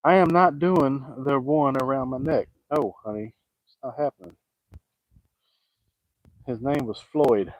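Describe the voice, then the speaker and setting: A man's voice: mid-range voice, measured pace, long pauses, no echo, low-quality recording. A middle-aged man, fishing outdoors and joking as he answers viewers in casual chat. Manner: folksy, joking, talks back to viewer comments. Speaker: fishing vlogger.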